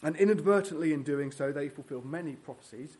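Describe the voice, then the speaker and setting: A man's voice: on the high side, fast talker, a little mellow. A man preaching a sermon in a church, earnest and teaching verse by verse with fillers and restarts.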